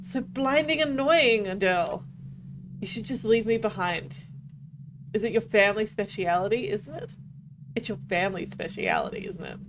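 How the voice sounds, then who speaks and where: A woman voicing a sharp-tongued, irritable woman adventurer from a game while streaming, with a snapping, cutting manner. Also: medium pitch, big pitch swings, moderate pace, noisy background, close to an everyday voice. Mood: irritated.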